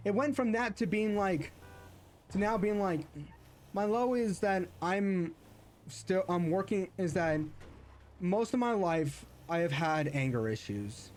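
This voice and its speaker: A man's voice: high voice, animated, a little slow, darkish tone, a little hiss or hum. A man streaming a game while chatting casually, rambling earnestly and reflectively, with many restarts and self-corrections. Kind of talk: casual chat while gaming.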